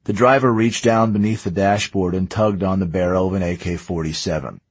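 Male narrator, deep and slightly husky, steady measured read, dry close sound. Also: no echo. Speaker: audiobook narrator. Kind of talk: scripted narration.

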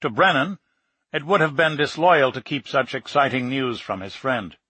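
A man reading a nonfiction book aloud in a steady, measured narration. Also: medium pitch, slightly rough, no room sound. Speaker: audiobook narrator. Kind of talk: scripted narration.

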